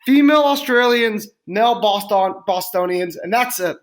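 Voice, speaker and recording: A man's voice: sits high, normal speed. A man co-hosting a comedy podcast, rambling and stammering through casual banter. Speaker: podcast co-host.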